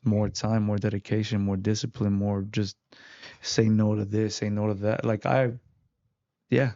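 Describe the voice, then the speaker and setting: A man's voice: lowish voice, level tone, moderate pace, warm tone, muffled recording. A man, an interview guest who fights, telling his story in casual chat with many fillers. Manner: rambling, lots of "like" fillers.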